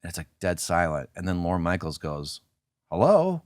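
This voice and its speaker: A man's voice: low voice, fairly quick, smooth, no echo, clean studio sound. A middle-aged male comedian telling a self-deprecating anecdote as a guest, acting out the lines he quotes. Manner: lively storyteller, self-deprecating, acts out quotes.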